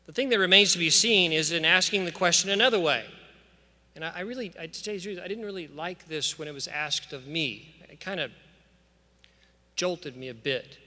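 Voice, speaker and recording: Bright forceful guy giving a graduation speech w/ bible verses, emphatic preachy rhythm, long echoey church hall. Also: fairly high pitch, a little fast. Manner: earnest, emphatic, preacherly cadence. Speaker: school official addressing graduates. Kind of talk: commencement address with scripture. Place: large church sanctuary.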